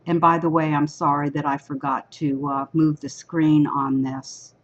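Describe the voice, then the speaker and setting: Low raspy woman leading a service. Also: flat delivery, unhurried, lo-fi sound. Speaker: online service leader. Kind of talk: leading an online prayer service, reading a psalm aloud.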